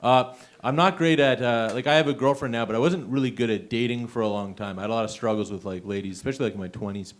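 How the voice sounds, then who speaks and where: A man's voice: medium pitch, quick pace. A young adult man doing an open mic stand-up set, chatty and self-mocking, laughing at his own jokes. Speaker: stand-up comedian. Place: small comedy venue.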